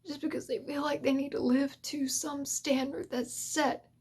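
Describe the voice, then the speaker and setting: A woman's voice: sits high, little pitch movement, moderate pace, darkish tone. A woman hosting an ASMR channel gives an earnest, emotional talk to creators and drifts in and out of a whisper. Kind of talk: soft-spoken heartfelt talk to creators.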